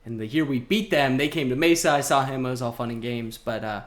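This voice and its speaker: Young guy rambling about sports on a podcast, tons of likes and bros, normal pitch. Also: fast talker, slight background noise. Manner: rambling, animated storytelling with frequent fillers. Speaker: podcast co-host. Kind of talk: casual chat.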